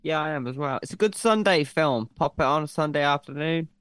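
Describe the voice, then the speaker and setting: A man's voice: on the high side, brisk, fairly bright tone, no echo, studio quality. A man co-hosting a podcast, bantering and swearing freely with jokey asides. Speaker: podcast co-host. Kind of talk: casual chat.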